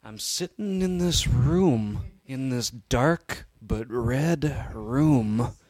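A man doing a comedic, melodramatic impression of a male wrestler, building louder and higher. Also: animated, very slow, no room sound. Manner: melodramatic, building and rising loud.

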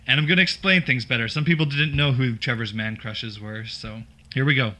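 A man co-hosting a casual podcast, with a very bright, sharp voice at a mid pitch. He delivers jokes deadpan and laughs often. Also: brisk, poor audio. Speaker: podcast co-host.

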